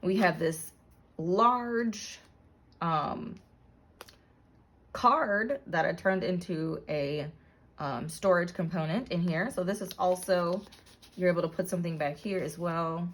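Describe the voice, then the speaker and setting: Showing the pages of her handmade journal, a woman narrates in a relaxed, informal style, with lots of ums and self-corrections. Her pitch is fairly low and her delivery unhurried.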